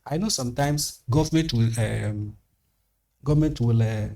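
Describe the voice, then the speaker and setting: A man, a guest on a studio panel, speaking in a measured way and repeating phrases for emphasis. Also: medium pitch, creaky, mellow. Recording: slightly distant mic.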